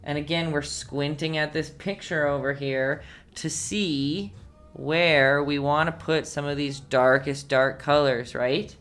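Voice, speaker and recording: Low-voiced woman teaching a paint-along on a live stream, chatty, encouraging, hums as she paints, faint music behind. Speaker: painting instructor.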